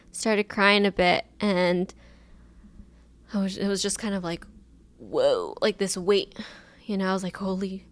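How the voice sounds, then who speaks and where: A woman in her twenties hosts a casual solo podcast, telling a personal story in a chatty, emotional way with lots of fillers. Her mid-range voice is recorded on a camera mic with no echo.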